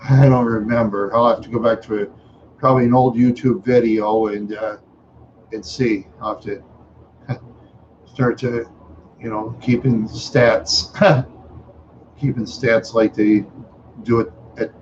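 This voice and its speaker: A man's voice: mid-range voice, steady tone, takes it slowly, long pauses, a little mellow, lo-fi sound, slight background noise. A tired, yawning man hosting a casual livestream chat, rambling along with many fillers and trailing asides. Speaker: livestream host.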